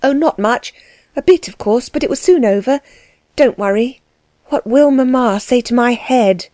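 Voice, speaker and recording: A spirited young girl, defiant and quick to own up, pours out her words in a breathless, tumbling rush, as a woman reads her for a storybook. The voice sits well above the reader's own and stays mellow and soft-edged. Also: fairly high pitch, no echo, pitched above the performer's own voice, close to an everyday voice. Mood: breezy.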